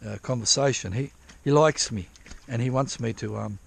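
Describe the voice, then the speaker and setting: Out at a dig site in drizzle, a man vlogs while prospecting for gold, his medium-pitched voice carrying some vocal fry at a moderate pace. He rambles casually, swears a lot and keeps interrupting and restarting himself. There's slight background noise.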